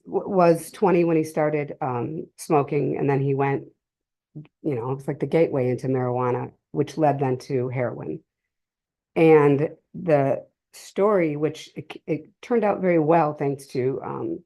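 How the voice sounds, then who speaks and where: A middle-aged woman speaks in a low, mellow voice, sharing a personal testimony with a live audience. Her delivery is emotional and halting, full of pauses and restarts. The talk was recorded at a community cultural center. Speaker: speaker sharing a family story at a drug-prevention session.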